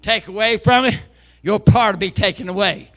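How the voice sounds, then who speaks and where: A man, preaching a fervent sermon and often shouting hallelujah. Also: high voice, normal speed, muffled recording. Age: 70s. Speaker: pastor.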